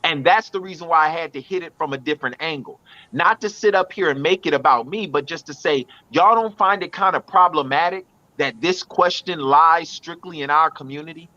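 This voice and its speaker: A man's voice: on the high side, fairly quick, pushed and bright, lo-fi sound. A man co-hosting a podcast, arguing his point in a blunt, preachy and profane way. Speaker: podcast co-host. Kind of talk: casual podcast debate.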